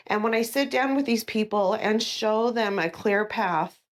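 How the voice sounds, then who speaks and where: A woman's voice: on the high side, unhurried. Earnest middle-aged woman, interview guest. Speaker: guest, insurance agent. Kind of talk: casual interview conversation.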